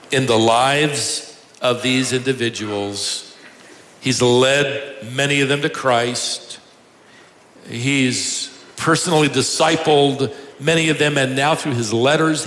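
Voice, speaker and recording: A man's voice: mid-range voice, a bit bright. A man preaching a sermon, telling humorous stories and chuckling at his own jokes. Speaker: pastor. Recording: echoey hall, faint noise.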